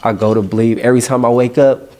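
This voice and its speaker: A young rapper from Los Angeles tells slangy, rambling stories in a casual interview, animated in a street-storytelling way. His voice is medium-pitched and his pace is quick.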